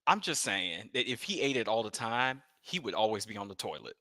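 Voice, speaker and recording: A man's voice: on the low side, big pitch swings, a little fast, pushed and bright, no room sound. A man co-hosting a casual live chat, playful and laughing often. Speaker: co-host. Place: remote live stream.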